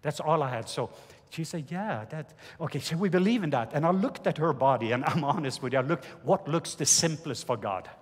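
A man with a Norwegian accent preaches to a congregation, recounting a testimony earnestly and stumbling over restarts. His voice sits a little high and sounds husky. The sound rings with the long reverb of a large hall. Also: animated. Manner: earnest storytelling with halting restarts. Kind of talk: sermon with personal testimony.

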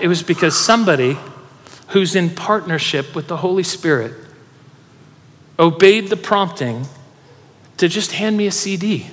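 A man with a high voice preaches in a large church hall, and a long reverb trails after his words. He tells stories with energy and urges the congregation to join in. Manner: animated storytelling preacher, urging the congregation. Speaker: pastor. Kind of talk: sermon.

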